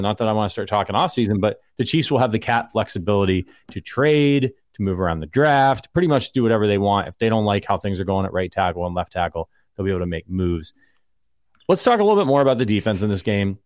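A man's voice: fairly low pitch, dry recording, clean studio sound. A man hosting a casual sports podcast, talking in a rambling, conversational way and arguing his points. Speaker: podcast host.

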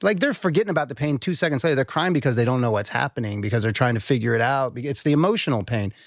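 A man's voice: mid-range voice, animated, fast, dry recording, studio quality. A man talking candidly as a podcast guest, intense, swearing freely and repeating words as he works through a thought. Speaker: podcast guest, endurance athlete. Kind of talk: candid conversational interview.

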